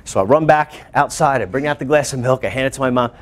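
A male teacher telling a class a lively personal story in a school classroom. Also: medium pitch, fast talker. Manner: animated, acts out voices and screams.

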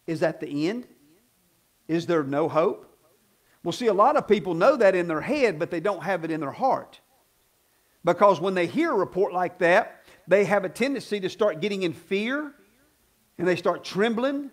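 A male pastor preaching a sermon in an animated, conversational way, often asking "Amen?" and acting out other voices. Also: sits high, unhurried, pauses often. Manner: acts out quoted voices.

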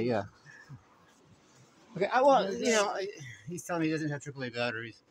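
A man's voice: fairly high pitch, very animated, brisk. A man vlogging from a shop counter on his phone, rambling and stammering with wry remarks. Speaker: vlogger filming a shop visit. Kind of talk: casual running commentary.

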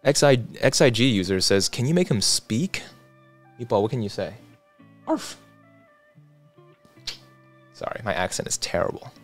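A low-pitched man hosts a casual livestream, reading out viewer comments in a relaxed, chatty way. Soft music plays faintly behind him. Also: a little fast. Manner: relaxed, reads chat aloud, chatty asides. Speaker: livestream host.

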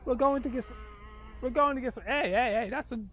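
A man's voice: extremely high pitch, fast talker, fairly bright tone, slight background noise. A man vlogging a casual outing with family, full of teasing, playful banter.

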